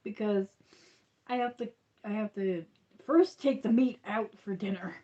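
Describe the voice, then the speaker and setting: A woman's voice: medium pitch, a little slow, dark tone, muffled recording. A woman hosting a crochet livestream, chatting casually and rambling with frequent laughs.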